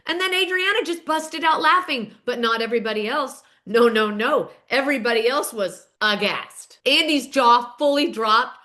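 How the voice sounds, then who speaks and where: A woman hosting a casual reality-TV recap, telling the drama in a gossipy, animated way. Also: high-pitched. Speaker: host.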